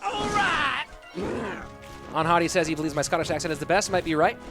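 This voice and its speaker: High-voiced, lively male game caster. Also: rapid-fire. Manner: energetic, joking asides to chat. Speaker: esports caster. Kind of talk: live play-by-play commentary. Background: music.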